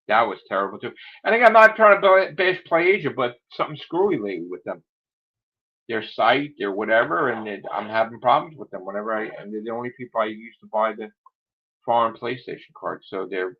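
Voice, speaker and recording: A man's voice: fairly low pitch, fairly quick. A man hosting a casual livestream chat, rambling through grumbling asides while losing his voice. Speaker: livestream host. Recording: dull lo-fi sound.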